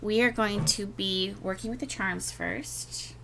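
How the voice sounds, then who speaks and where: Woman tarot reader, middle pitch, rambling gushy delivery, faint room hiss behind. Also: a little slow, gravelly, fairly bright tone. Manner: rambling, gushing, repeats words, many fillers. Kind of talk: casual spoken tarot reading.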